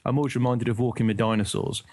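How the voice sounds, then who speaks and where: A man's voice: medium pitch, level tone, fast talker, a little mellow, no echo. A man from the UK in casual podcast chat, rambling and searching for words, laughing often.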